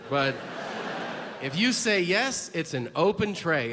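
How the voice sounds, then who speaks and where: A man's voice: a little high, very animated, moderate pace. A man doing a stand-up routine, crude and mocking, acting out exchanges with a rising voice. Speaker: stand-up comedian. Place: comedy stage before a laughing audience. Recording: live hall reverb with crowd noise.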